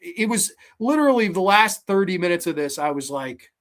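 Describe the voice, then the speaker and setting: A man's voice: sits high, expressive, normal speed, fairly bright tone. A man hosting a podcast, giving a blunt, profane, rambling casual movie review with plenty of fillers. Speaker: podcast host.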